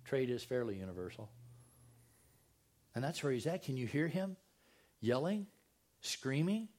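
A man's voice: mid-range voice, sing-song, moderate pace, a little mellow. An older man, preaching a sermon in a conversational way and often asking his listeners rhetorical questions. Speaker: pastor.

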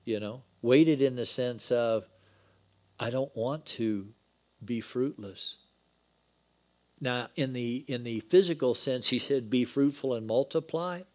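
A man delivering a Bible-study sermon, his voice sitting at an ordinary middle pitch. He explains scripture conversationally and breaks it up with joking asides. When he reads the dialogue aloud, he gives it lively emphasis. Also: slow pace. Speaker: preacher.

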